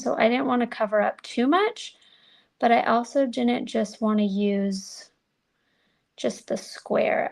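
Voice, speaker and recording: Chatty woman with a gravelly edge. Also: on the high side. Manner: chatty, self-deprecating, talks to viewers while working. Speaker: card-making demonstrator. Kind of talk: live crafting demo.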